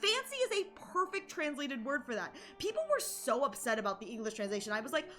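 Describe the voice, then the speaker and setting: A young adult woman streaming and chatting casually, animated and rambling with lots of fillers and restarts. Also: sits high, quick pace. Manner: excited shouted greetings to chat. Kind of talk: casual live-stream chat.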